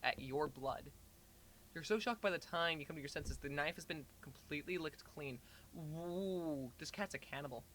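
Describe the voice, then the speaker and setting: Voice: medium pitch, normal speed, a bit bright, slight background noise. A streamer with a slightly strained throat, reading a second-person story aloud and breaking off to baby-talk a pet cat. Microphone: headphones and desk mic.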